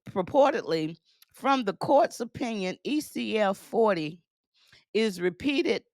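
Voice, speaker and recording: A woman with a gravelly, creaky edge to her voice reads a legal order slowly, her pitch swinging widely as she breaks into sassy asides. The sound is close and dry, with no room around her. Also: no room sound. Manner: laughs between passages. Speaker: news commentator. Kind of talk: reading and commenting on a court order.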